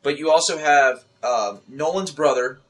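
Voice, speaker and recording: A man hosting a casual movie podcast, talking in halting, restarting sentences. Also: a little high. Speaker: podcast host. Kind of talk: casual chat.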